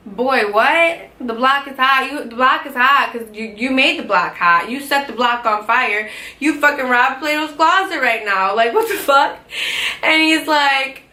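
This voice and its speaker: A young woman recounts a story in a casual storytime vlog, her voice bright and a little high. She talks animatedly, peppering every line with "like" and swearing freely. The room is echoey, with faint ambient noise underneath. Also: unhurried. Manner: animated, heavy swearing, lots of "like". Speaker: vlogger telling a story.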